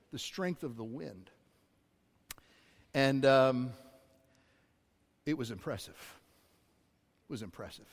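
A man preaching a sermon as pastor, speaking conversationally with self-deprecating asides to his congregation. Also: on the high side. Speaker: executive pastor. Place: church auditorium. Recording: long hall reverb.

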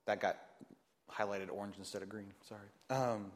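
A man preaching a sermon as pastor, animated and joking, acting out the voices he quotes. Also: fairly low pitch, moderate pace.

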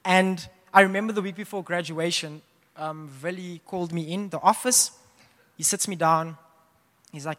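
A young man preaching a sermon, telling a personal story in a casual, animated way with laughs. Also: sits high, moderate pace. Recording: long hall reverb.

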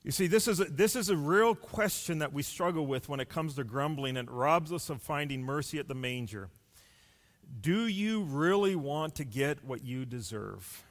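A man preaching a sermon as pastor, deliberate and building long runs of rhetorical questions. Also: on the high side, expressive, long reverb tail.

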